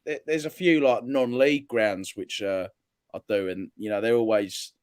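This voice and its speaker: A man's voice: on the low side, steady tone, moderate pace, clean tone, no echo, clean studio sound. A man from England chatting casually about football, rambling with lots of fillers and casual swearing. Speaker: podcast co-host.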